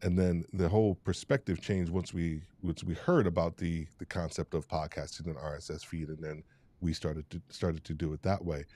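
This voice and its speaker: Deep-voiced man hosting a podcast panel. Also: fairly even intonation, mellow, no echo. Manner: halting, restarts often, gets emotional and laughs. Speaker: host. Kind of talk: live podcast panel chat.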